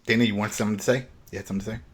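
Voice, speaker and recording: Low-voiced man recapping casually. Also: steady tone, very fast, breathy edge. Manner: retells scenes with quoted lines, loose and chatty. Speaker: podcast co-host recapping an episode.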